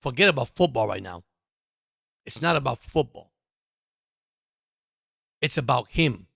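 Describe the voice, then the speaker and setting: A man's voice: mid-range voice, lively intonation, a little slow, creaky, bright, forceful tone, breathy edge, dry recording, studio quality. A man hosting a sports podcast, talking straight to his listeners in an emphatic, repetitive monologue. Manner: emphatic, repeats himself, addresses listeners as guys. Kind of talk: passionate sports commentary monologue.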